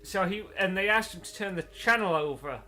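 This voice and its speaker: A man's voice: high voice, brisk, sharp tone, slight background noise. A man chatting casually while playing a video game, rambling through stories and laughing often. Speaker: let's play host. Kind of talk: casual chat while gaming.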